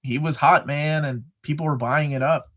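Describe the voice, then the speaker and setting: A middle-aged man co-hosting a casual live chat, animated and joking, often restarting his sentences. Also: fairly high pitch, normal speed. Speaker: co-host.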